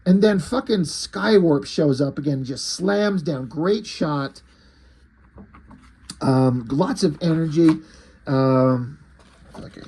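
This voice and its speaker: A man's voice: a little high, takes it slowly, pauses often, warm tone, a little hiss or hum. A man casually recapping and reviewing a comic book, chatty with fillers and some swearing.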